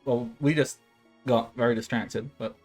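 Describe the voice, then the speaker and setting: A man's voice: medium pitch, steady tone, normal speed, a little mellow, faint music behind. A man in his late twenties running a tabletop game as game master, rambling with lots of filler sounds and frequent laughs. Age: late 20s. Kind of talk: casual tabletop game narration.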